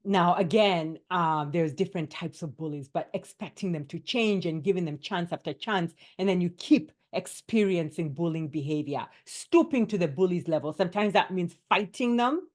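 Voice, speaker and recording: Emphatic woman coach with a lowish voice. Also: normal speed, hardly any pauses. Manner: lively and emphatic, often tagging points with "right?". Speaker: wellness coach. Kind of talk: workshop talk to doctors.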